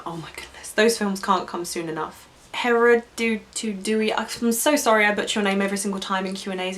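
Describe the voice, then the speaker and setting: A woman's voice: lowish voice, fairly bright tone. A young woman from Suffolk with an English accent, chatting casually and gushingly as she answers viewer questions on her vlog. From Suffolk, England. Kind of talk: casual chat.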